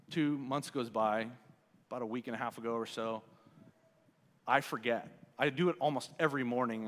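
A man in his forties delivers a casual, conversational sermon from a church. His voice sits at an ordinary middle pitch. A long reverb from the large hall trails after his words. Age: 40s. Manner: conversational preaching, quieting for prayer. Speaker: pastor. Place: church sanctuary.

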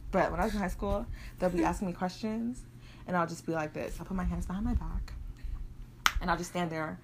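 Lower-pitched young woman from Nigeria, podcast co-host, lively profane storyteller, faint room hiss. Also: fairly quick. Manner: animated storytelling, profane, laughing. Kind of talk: casual chat.

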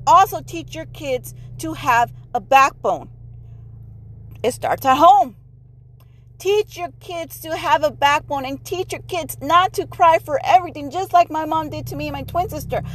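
A middle-aged woman with a bright, high voice talks straight into her podcast mic, blunt and emphatic. She sprinkles Spanish words into her casual monologue. A faint hum of noise sits under the recording. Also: normal speed, rough recording. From Mexico heritage. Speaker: podcast host.

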